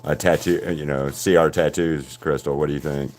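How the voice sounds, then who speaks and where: A man's voice: a bass voice, steady tone, moderate pace, a little mellow, faint music behind. A man chatting casually on a live painting stream, rambling with many fillers and restarts.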